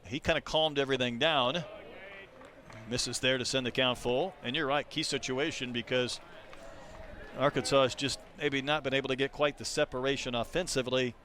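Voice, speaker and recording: A man doing live play-by-play baseball commentary, calling pitches and chatting between them. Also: steady tone, normal speed, bright, forceful tone, slight background noise. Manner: conversational, calls pitches between chatty stories. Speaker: play-by-play announcer.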